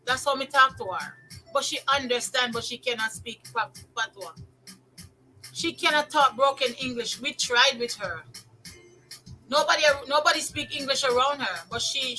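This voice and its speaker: An older woman with a Jamaican accent, telling stories in a casual monologue, lively, repeating phrases for emphasis and slipping into patois. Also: high-pitched, normal speed, soft background music, poor audio. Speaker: vlogger.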